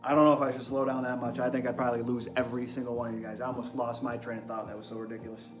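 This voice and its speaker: A young man hosting an energetic wellness monologue, firing rhetorical questions at his viewers in an excitable way. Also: mid-range voice, racing. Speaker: host. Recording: echoey room with music behind.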